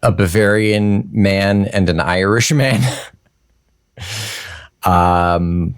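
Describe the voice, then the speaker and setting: A man's voice: low voice, very slow, smooth. A man co-hosting a podcast, chatting casually and joking with frequent laughs. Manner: giggly, joking banter. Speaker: podcast co-host. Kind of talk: casual chat.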